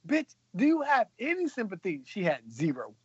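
A husky-voiced co-host throws out blunt, profane reactions in casual chat. The pitch moves a lot, and the recording sounds dull and lo-fi, close and dry. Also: huge pitch swings, moderate pace, no echo. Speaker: podcast co-host.

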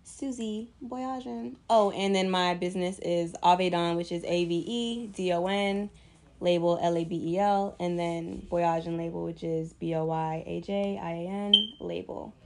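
A woman's voice: fairly low pitch, steady tone, measured pace, creaky, a little mellow. A woman guest on a casual podcast, chatty and laid-back, describing her clothing line with many fillers.

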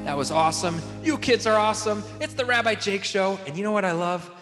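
A man's voice: high voice, expressive, fairly quick, in a large hall, over loud music. A man hosting a children's show as a rabbi, bouncy and exuberant, whooping and singing along with the kids.

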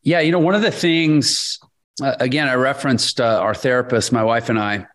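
A man's voice: medium pitch, a bit bright. A man co-hosting a podcast, speaking reflectively with frequent restarts in casual chat. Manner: reflective, halting, many restarts. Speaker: podcast co-host.

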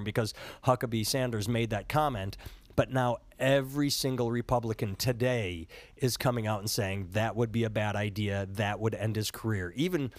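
A man's voice: mid-range voice, moderate pace, no echo. A man in his thirties hosting a podcast, rambling casually with profanity and self-mocking jokes. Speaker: podcast host. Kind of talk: casual political chat. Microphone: handheld recorder.

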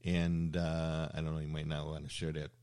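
A man's voice: a bass voice, completely flat delivery, moderate pace, darkish tone, clean tone. An older man hosting a casual interview, telling rambling anecdotes with plenty of fillers and restarts. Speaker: show host.

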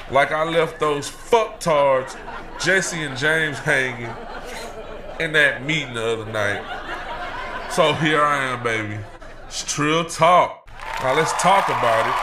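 Man playing a cocky ranting talk-show persona, swaggering, profane, higher-pitched, noisy recording. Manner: loud, swaggering, profane, laughs through lines. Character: brash, cocky male talk-show persona, always angry. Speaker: segment host. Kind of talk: comedic in-character rant.

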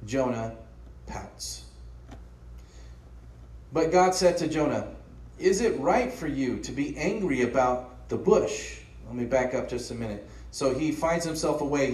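Heard from a distance in an echoing room, a man with a mid-range, somewhat dark voice preaches a sincere sermon in a conversational style. As a pastor, he often throws rhetorical questions out to the congregation.

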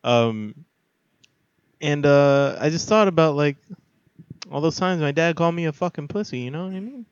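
A man's voice: on the high side, moderate pace, long pauses, clear, resonant tone, no echo. Crude, swearing young man on a dull lo-fi mic. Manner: crude, swears a lot, mock threats. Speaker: podcast co-host. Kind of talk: casual chat. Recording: dull lo-fi sound.

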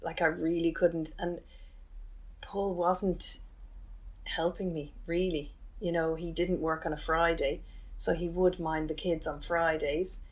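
A woman, recounting a painful chapter of her life in an interview with candid, halting restarts. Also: fairly low pitch, little pitch movement. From Ireland. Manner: candid, halting, emotional retelling with many restarts. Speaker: interview guest. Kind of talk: personal storytelling.

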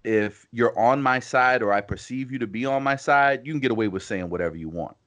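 A man's voice: mid-range voice, brisk, fairly bright tone. A man co-hosting a casual podcast, talking in long rambling runs full of "you know" and restarts. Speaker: podcast co-host. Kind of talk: casual conversational podcast chat.

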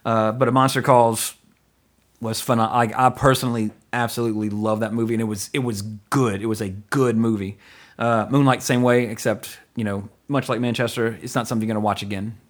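A man's voice: mid-range voice, steady tone, a little fast. Rambling casual podcast host man. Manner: rambling, filler-heavy, laughs easily.

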